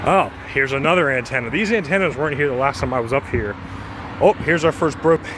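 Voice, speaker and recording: A man vlogging as he climbs a tall outdoor tower, out of breath, chatty and excited, recorded on a handheld phone. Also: medium pitch, a little fast, noisy background. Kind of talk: casual narration while climbing. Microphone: handheld phone camera.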